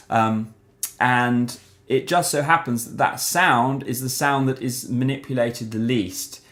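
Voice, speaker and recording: A man giving a casual voice lesson, explaining resonance and singing short syllables to demonstrate. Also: medium pitch. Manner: demonstrates vocal sounds on syllables like "ma" and "mum"; relaxed, conversational explaining. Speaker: singing teacher. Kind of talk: voice lesson to camera.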